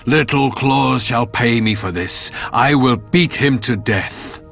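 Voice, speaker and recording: A man voicing a brutish, greedy farmer in a storybook, gruff and scheming. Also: medium pitch, takes it slowly, fairly bright tone, faint music behind. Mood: vengeful.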